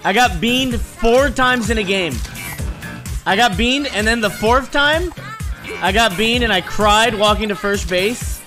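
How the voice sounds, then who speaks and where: A man in his thirties streaming, telling stories in casual, profane chat and yelling at the game he plays. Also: high voice, unhurried, over music. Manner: profane, animated storytelling, yells at the game.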